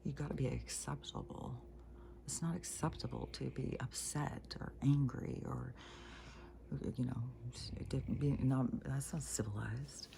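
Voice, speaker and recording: A woman's voice: very deep voice, fairly even intonation, measured pace, gravelly, dark tone, slight background noise. A woman vlogging at home, ranting bluntly and with heavy profanity, often dropping to a near-whisper. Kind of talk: casual rambling rant to camera. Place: at home by a wood fire.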